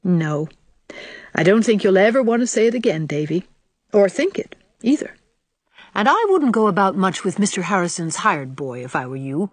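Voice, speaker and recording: Gentle young woman, voiced by a female narrator; quiet and tender. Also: mid-range voice, big pitch swings, normal speed, no echo.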